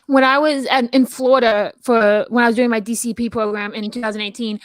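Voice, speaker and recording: Woman, slightly high voice, rambling casual chat, dry close sound. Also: a little fast, dry recording. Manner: rambling, animated storytelling with many restarts. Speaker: podcast co-host.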